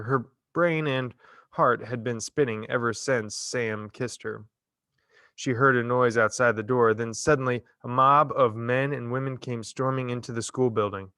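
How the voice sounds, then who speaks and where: A man reading a novel chapter aloud in a measured, expressive storytelling manner. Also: medium pitch, dry recording, clean studio sound. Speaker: reader. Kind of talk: audiobook narration.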